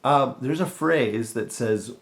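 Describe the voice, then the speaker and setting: Male podcast host, casual rambling storyteller, animated, in a home kitchen. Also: medium pitch, slow pace. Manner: rambling and animated, with restarts and laughter.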